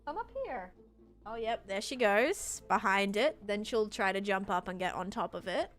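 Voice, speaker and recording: Woman, Australian American accent, young adult, casual gaming streamer, chatty, mid-pitched voice, soft music in the background. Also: expressive, normal speed. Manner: chatty, answers chat while narrating her building. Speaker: live streamer. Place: home room with her PC.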